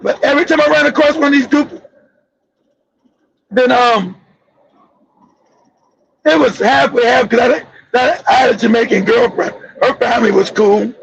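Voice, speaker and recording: A man's voice: very high voice, moderate pace, creaky, pauses often, a bit bright, slightly rough, no echo, highs cut off. A man from Los Angeles hosting a live-stream monologue, telling stories in a blunt, profane way. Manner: profane, blunt storytelling with laughs. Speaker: channel host.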